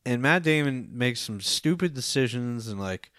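A man's voice: mid-range voice, animated, moderate pace, a bit bright, no echo, clean studio sound. A young man co-hosting a podcast, rambling through a film review with lots of fillers and casual swearing. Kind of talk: casual profane chat.

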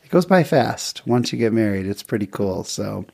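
A middle-aged man hosting an interview, asking questions in a lively and encouraging way. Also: on the low side, normal speed, vocal fry. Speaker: interview host. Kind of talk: casual interview chat.

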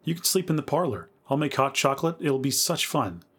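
A man's voice: medium pitch, expressive, brisk, husky, voice pushed up. A man voicing a frightened young woman who pleads through sobs, in a spooky story reading. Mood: pleading. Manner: pleading, sobbing.

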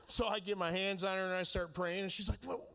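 A man with a fairly high voice tells stories in a loose, laughing sermon style. He acts out both sides of each conversation he describes. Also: fast talker, clean tone. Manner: animated, laughing storyteller acting out conversations. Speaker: preacher. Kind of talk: storytelling sermon.

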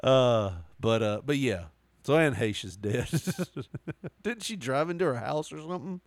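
A man's voice: medium pitch, unhurried, no echo. A man in casual podcast chat, telling stories and laughing often. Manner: laughs often, animated storytelling. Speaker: podcast co-host.

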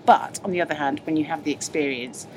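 A young woman comedian co-hosts a podcast, chatting casually in a deep, slightly mellow voice and talking fast. She pokes fun at herself and laughs often. It was recorded on a moving train at night, so train noise runs underneath.

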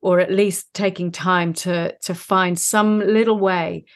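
A woman hosts a podcast interview in a fairly low voice, thanking her guest and drawing her points together. She speaks in a measured, affirming way. The recording is dry and close, with no room sound. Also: fairly even intonation, no echo. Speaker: podcast host.

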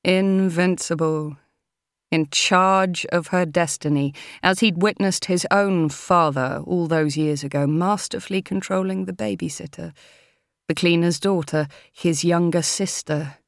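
A woman reading an audiobook in a measured, steady manner. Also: fairly low pitch, dry recording, clean studio sound. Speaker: audiobook narrator. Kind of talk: audiobook narration.

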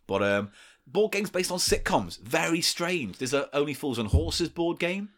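A man's voice: fairly high pitch, lively intonation, normal speed, a bit bright. A man co-hosting a comedy podcast, bantering crudely and laughing often. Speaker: podcast co-host. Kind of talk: casual comedy podcast chat.

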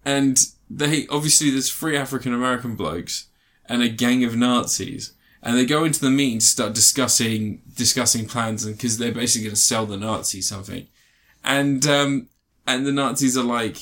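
A man's voice: mid-range voice, normal speed, fairly bright tone. Rambling man in casual chat. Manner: rambling, hesitant, with many restarts and fillers. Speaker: podcast co-host reviewing a film.

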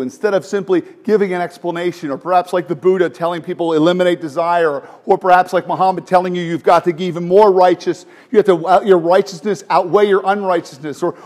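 Middle-aged male pastor, higher-pitched, animated sermon delivery with rhetorical questions.

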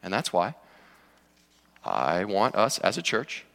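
A man's voice: lowish voice, sing-song, takes it slowly, gravelly, fairly bright tone. A man preaching a sermon to his church in a conversational way, with joking asides. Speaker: pastor. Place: church sanctuary. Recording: long reverb of a large hall.

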